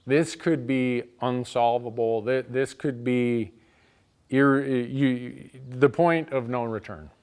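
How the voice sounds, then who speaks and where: A man's voice: mid-range voice, clear, resonant tone. A man telling a funny personal story in a casual way, restarting sentences and adding wry asides. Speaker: storyteller on an outdoors show. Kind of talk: casual spoken anecdote. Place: shop.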